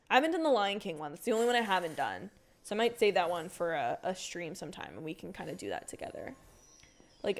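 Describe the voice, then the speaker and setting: A young woman chats with her viewers while she plays a cozy game, her talk loose and full of fillers. Her pitch jumps around a lot, and she breaks into excited outbursts. She speaks into a desk mic at her home setup. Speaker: game streamer. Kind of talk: casual livestream chat while gaming.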